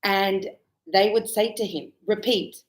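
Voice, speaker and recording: A woman teaching a relaxed spoken lesson, chatty and animated as she tells stories and laughs often. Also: mid-range voice, measured pace. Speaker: English teacher. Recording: echoey room.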